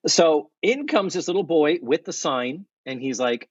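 A husky-voiced man co-hosts in a casual recap chat, rambling and animated. The sound is dry and a bit dull and lo-fi. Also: on the high side, a little slow, no echo. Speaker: podcast co-host.

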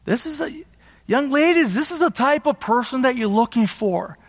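Man, pastor, sermon, very high voice, emphatic, repeats himself, long hall reverb. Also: lively intonation, normal speed. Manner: emphatic, exhorting, repeats phrases. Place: church sanctuary.

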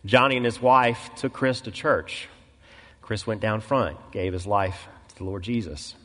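A male pastor preaching a sermon, telling a story and acting out the quoted voices, clearing his throat often. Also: lowish voice, unhurried, fairly bright tone, long reverb tail. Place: church sanctuary.

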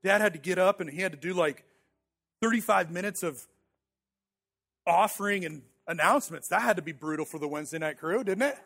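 Telling a humorous, self-deprecating story about himself, a thirtysomething pastor preaches in an easygoing, conversational manner. He sounds brisk and gravelly, his voice sitting high for a man, and he frequently restarts and repeats words.

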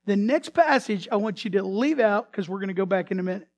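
Fast and expressive, this high-pitched male pastor dramatizes a story in his sermon, frequently restarting or repeating himself as he moves from loud emphasis to hushed delivery.

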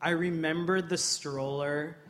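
A man in his thirties preaching a sermon in church, telling funny personal stories and then acting out scenes with loud, impassioned energy. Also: on the high side, steady tone, measured pace. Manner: humorous storytelling, builds to loud impassioned acting-out. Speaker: pastor.

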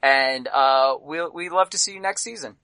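A man's voice: fairly high pitch, normal speed, bright, forceful tone, no echo. A man hosting a tabletop horror game podcast as game master, talking playfully with goofy asides.

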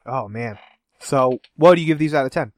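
A man's voice: mid-range voice, moderate pace, no room sound. A man co-hosting a podcast taste test in casual chat, joking, laughing often and rambling through asides. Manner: jokey and giggly, rambling asides. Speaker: podcast co-host.

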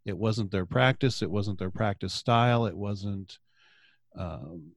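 An earnest man in a relaxed conversation, pressing his points with emphasis. His voice sits close and dry on the mic, with no room sound around it. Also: on the low side, a little slow, creaky, no room sound. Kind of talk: casual chat, reading a quoted passage aloud.

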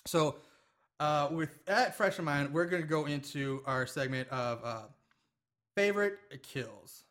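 A man's voice: a little high, a little slow, fairly bright tone. A man hosting a podcast, rambling and swearing as he jokingly recaps a movie plot. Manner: rambling, profane, jokey storytelling. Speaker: podcast host. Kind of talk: casual movie recap chat.

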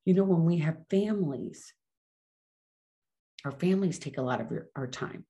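A middle-aged woman talking fast and casually in a solo podcast monologue, often correcting herself as she goes. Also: deep voice, animated, dark tone. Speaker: podcast host.

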